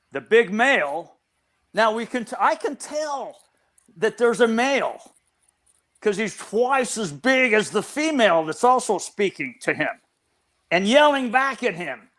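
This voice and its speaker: A man's voice: high-pitched, a bit bright. An older man, a researcher guest in an interview, explaining at length and often restarting his phrases.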